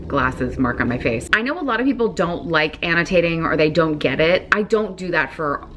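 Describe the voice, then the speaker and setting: An excitable woman book vlogger gushing in a casual reading-vlog chat. Her voice sits on the low side for a woman, and her talk is full of "like" fillers. A faint hiss runs under her voice. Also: normal speed.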